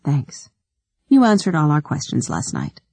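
Woman narrator doing gentle fatherly figure in an audiobook: calm, understated, husky and dry-sounding. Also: sits low, unhurried, no echo, heavily acted.

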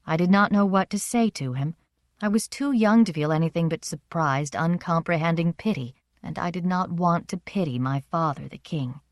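A woman narrating a first-person story in a measured, expressive reading. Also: on the low side, dry recording, clean studio sound. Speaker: audiobook narrator.

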